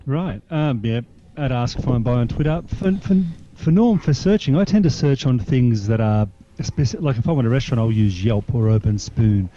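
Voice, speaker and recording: Man, Australian accent, nasal, older, mellow tone, casual panel chat, dull lo-fi audio. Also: mid-range voice, expressive, normal speed, few pauses, slight background noise. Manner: chatty, repeats words at starts. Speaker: panel guest. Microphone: remote call. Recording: dull lo-fi sound.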